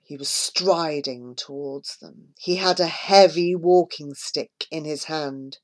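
A woman reading a children's story aloud in a measured, expressive way. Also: sits low. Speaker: narrator.

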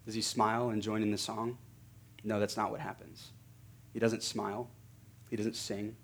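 Male pastor, sermon, lowish voice, earnest, emphatic repetition. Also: flat delivery, normal speed, vocal fry, breathy edge.

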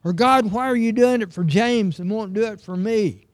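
Male preacher, middle-aged, higher voice, unhurried, emphatic sermon delivery, dry close sound. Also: no echo. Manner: earnest, emphatic, reads scripture aloud.

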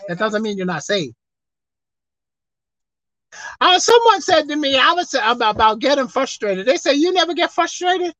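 A woman preacher delivering a sermon, swinging between loud emphatic outbursts and quiet asides. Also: high voice, big pitch swings, moderate pace, pauses often, dry recording. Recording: dull lo-fi dry sound.

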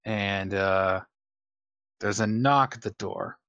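A man narrating as game master of a tabletop game, unhurried, with many fillers and casual swearing. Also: lowish voice, fairly bright tone, smooth, no room sound, dull audio.

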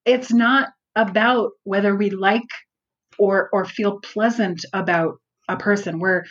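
A woman's voice: medium pitch, fairly even intonation, a little slow, fairly bright tone. Woman guest in a podcast interview, earnest and reflective, slightly dull recording. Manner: earnest, reflective, searching for words. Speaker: outreach worker and guest. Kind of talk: conversational interview.

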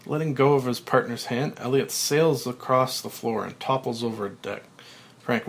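Male podcast host, plain even read of stage directions, mid-range voice. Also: mid-range voice, normal speed, gravelly. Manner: plain, even reading with small slips. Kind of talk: reading screenplay directions aloud.

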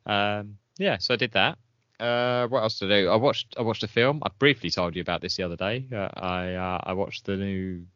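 A man, co-hosting a casual chat podcast, chatty and quick to laugh. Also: lowish voice, fairly bright tone, dry recording, highs cut off. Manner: chatty, laughs often, trails off. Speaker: podcast co-host.

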